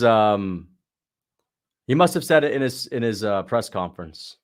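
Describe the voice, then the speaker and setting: A man's voice: on the low side, expressive, a little slow. A man hosting a casual watch-along livestream, chatting in a slangy way and answering viewers' questions. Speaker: livestream host.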